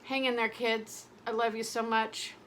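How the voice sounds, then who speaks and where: With a faint hiss or hum in the background, a middle-aged woman talks casually for her vlog at a measured pace. Her slightly high, somewhat bright voice barely moves in pitch, though her talk is rambling and emotional and she often breaks off mid-sentence.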